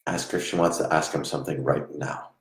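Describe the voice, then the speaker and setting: Very deep-voiced man, soft and halting. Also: steady tone, echoey room. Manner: soft, halting, murmuring reassurance. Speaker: psychic medium. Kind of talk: live reading.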